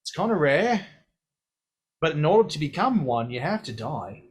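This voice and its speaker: A man's voice: fairly high pitch, very animated, normal speed, slightly rough. A man voicing a sly, cheeky male spirit creature with claws who talks in a drawling, casual slang. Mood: blunt.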